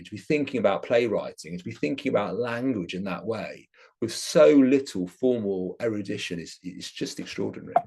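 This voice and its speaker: A man's voice: fairly low pitch, a little mellow, husky. A man giving an academic lecture, explaining his subject with enthusiasm.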